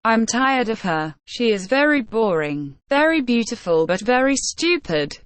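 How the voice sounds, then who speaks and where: A woman's voice: a little high, big pitch swings, unhurried, clear, resonant tone, no echo. A woman voicing a drunk, grey-bearded man of about sixty who talks in a rude, bossy way, in a storybook reading.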